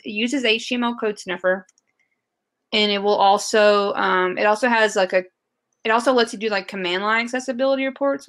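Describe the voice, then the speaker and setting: A woman with a Southern US accent, guesting on a podcast, explains things in loose, casual chat. Her mid-range voice is a bit bright, and she rambles with plenty of fillers and restarts.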